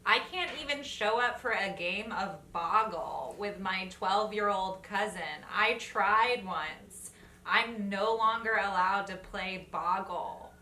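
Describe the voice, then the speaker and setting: Bright-voiced woman with dry punchlines. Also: medium pitch, takes it slowly. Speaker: news co-host. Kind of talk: comic news reading. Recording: roomy, distant mic, faint noise.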